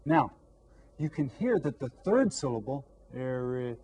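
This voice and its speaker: A man teaching a lesson to young pupils, repeating words slowly and clearly. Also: a little high, very animated, a little mellow, dull audio, slight background noise. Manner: slow, drawn-out repetition of words. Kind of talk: classroom lesson to children.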